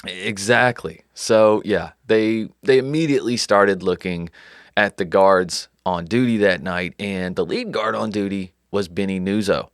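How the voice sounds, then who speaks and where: A man's voice: on the low side, measured pace, clean tone, dry recording, clean studio sound. A man co-hosting a true crime podcast, telling the story in a loose, joking way and laughing often. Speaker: podcast co-host. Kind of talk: casual true crime chat.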